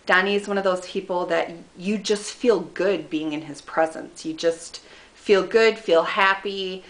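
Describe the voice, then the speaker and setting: A woman casually telling funny personal stories about a friend, animated and self-mocking, laughing as she goes. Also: on the low side, measured pace.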